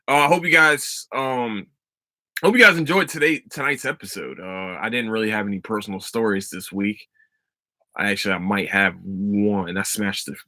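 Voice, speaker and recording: A young man hosting a casual solo podcast, ranting about a TV finale in a profane, excitable, rambling way full of restarts. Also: mid-range voice, dry recording. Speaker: podcast host.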